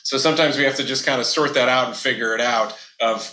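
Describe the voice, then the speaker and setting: Man, business owner, casual interview, animated storytelling, quick pace, bright tone, echoey room. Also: medium pitch. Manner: animated, acts out quoted dialogue.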